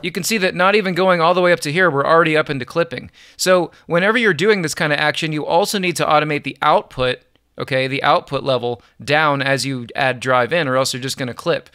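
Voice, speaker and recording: A man giving an upbeat, relaxed music production software tutorial, chuckling now and then as he explains. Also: fairly high pitch, quick pace, smooth, no echo, clean studio sound. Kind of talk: screen-recorded software tutorial.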